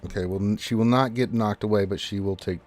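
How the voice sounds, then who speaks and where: Low-voiced man narrating as dungeon master. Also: steady tone, darkish tone, soft background music. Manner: slow, deliberate describing of combat. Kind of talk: narrating a tabletop game.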